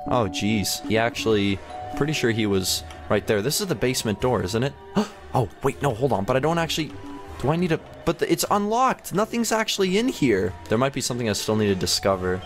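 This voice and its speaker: A young man hosting a gaming channel, giving excitable, rambling gameplay commentary with frequent laughs and gasps. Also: mid-range voice, a little fast, faint music behind.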